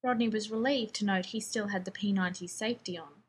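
A woman narrating a fan fiction audiobook in a brisk, wry storytelling manner. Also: mid-range voice, slightly rough. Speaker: reader.

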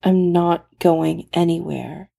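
Tony is a steady, caring man who reassures in a low, soothing voice and turns brisk and practical when he plans, read by a woman. His tone stays dark and mellow, with a gravelly edge. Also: exaggerated voice.

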